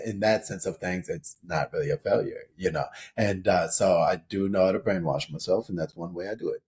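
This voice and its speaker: A man's voice: low voice, a little mellow. A middle-aged man from St. Paul, a podcast guest telling personal stories in a casual, rambling way with lots of "you know" and laughter. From St. Paul, Minnesota, USA. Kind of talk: casual interview storytelling.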